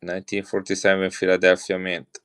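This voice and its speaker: A man's voice: deep voice, monotone, a little fast, fairly bright tone, clean tone. A middle-aged man with an Italian accent, chatting casually on a live stream as he sells and shows off coins to viewers. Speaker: coin seller on a live stream.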